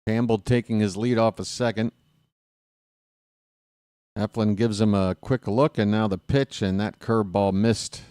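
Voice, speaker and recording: A man's voice: fairly low pitch, fairly even intonation, a little slow, long pauses, darkish tone, clean tone, no room sound, studio quality. A man with a Baltimore accent doing solo play-by-play for a baseball game, openly rooting for his team. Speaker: play-by-play announcer.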